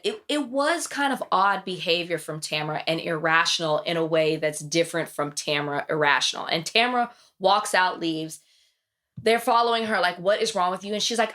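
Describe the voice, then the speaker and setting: A woman hosts a podcast in a casual, chatty recap, telling stories with animated energy. She slips into quoted lines with sudden jumps in pitch. Her everyday voice sits a little low. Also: measured pace. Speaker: podcast host.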